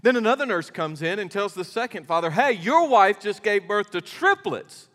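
A middle-aged male pastor preaching a sermon in a folksy, animated storytelling manner. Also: high voice, moderate pace. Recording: long hall reverb.

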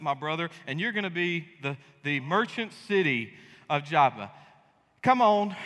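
A man pastor preaching a sermon in a church sanctuary, animated and joking as he tells the story. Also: fairly high pitch. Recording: echoey church hall.

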